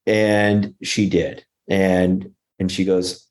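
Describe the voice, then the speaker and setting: Earnest man with a low, mellow voice. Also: little pitch movement, takes it slowly, few pauses. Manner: earnest, restarts often, acts out quoted speech. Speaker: guest. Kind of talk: conversational storytelling.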